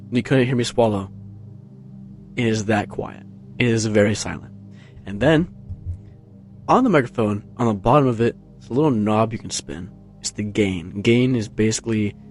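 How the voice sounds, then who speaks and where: Low-key rambling man on a desk mic. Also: a little mellow. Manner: rambling, many fillers and restarts, low-key. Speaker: vlogger. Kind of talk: casual rambling chat. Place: carpeted room at home. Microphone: tabletop USB microphone, close, with headphones on.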